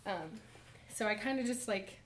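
A young adult woman in a church college group gives a personal testimony and a short lesson, speaking softly and haltingly with many fillers and nervous laughs. Her voice is mid-range and animated, and the recording is very noisy.

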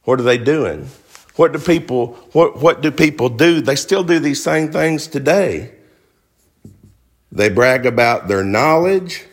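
A man's voice: medium pitch, lively intonation, a little slow. A man preaching a sermon, emphatic, firing rhetorical questions at the congregation.

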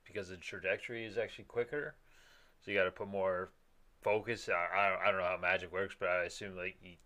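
A man's voice: sits low, little pitch movement, fairly quick, bright, forceful tone. A man in casual chat, rambling with many restarts and the odd swear word.

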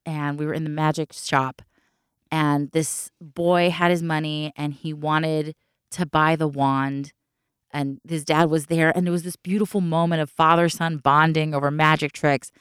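Lively low-voiced woman telling stories. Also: a little slow, clear, resonant tone, dry recording, studio quality. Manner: animated, acts out quotes, swears. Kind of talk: casual storytelling chat.

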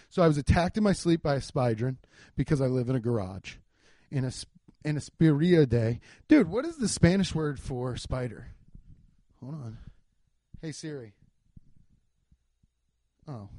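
A lively, profane podcast guy. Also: medium pitch, no room sound. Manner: loose, profane, rambling with frequent swearing; animated, jumps between muttering and loud outbursts. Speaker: podcast host. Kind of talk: casual solo podcast rambling. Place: home garage.

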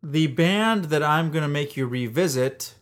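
A young man co-hosting a podcast, chatting in an easygoing, agreeable way and often pausing on fillers. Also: a little high, expressive. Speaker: podcast co-host. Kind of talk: casual chat.

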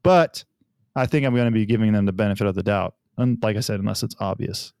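A man's voice: lowish voice, fast talker, creaky, clear, resonant tone, no room sound, studio quality. A man in his thirties, a father of young children, talking casually and telling family stories, sometimes acting out what others said. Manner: relaxed storytelling, acts out family dialogue. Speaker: podcast guest, father. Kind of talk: casual conversation.

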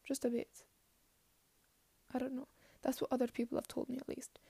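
A woman's voice: sits high, level tone, normal speed, creaky, husky, no room sound. Rambling teen girl in a put-on Scottish accent. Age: late teens. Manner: rambling and self-deprecating, trailing into soft murmurs. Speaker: podcast host. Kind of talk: casual solo rambling.

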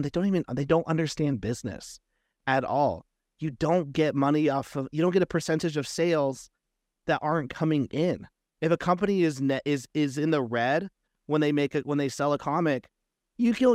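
A man's voice: a little high, darkish tone, no room sound, clean studio sound. A man as an interview guest, telling a story casually and acting out quoted exchanges. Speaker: comic book creator, guest.

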